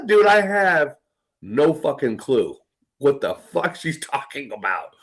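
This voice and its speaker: A man's voice: a little high, sing-song, slow pace, a bit bright, breathy edge. A man, the host of a casual chat, telling stories in a profane, rambling way, laughing often.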